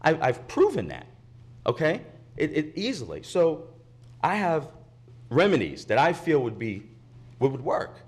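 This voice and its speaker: A man's voice: a little high, wildly swooping pitch, measured pace, long pauses, slightly rough. Indignant man at a public podium. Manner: indignant, insistent, repeats his points. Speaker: resident speaking at public comment. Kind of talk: impassioned public comment. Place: county commission meeting chamber.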